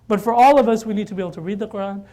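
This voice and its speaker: A man's voice: high voice, racing, warm tone. A man giving an informal religious talk at a mosque, conversational and repeating phrases for emphasis.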